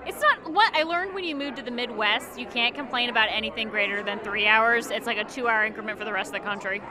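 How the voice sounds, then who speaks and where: A woman who works as a TV consumer reporter chats freely in a fairly high voice and explains her stories in detail. A crowd is clearly heard behind her at the event. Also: fast. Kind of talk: casual interview.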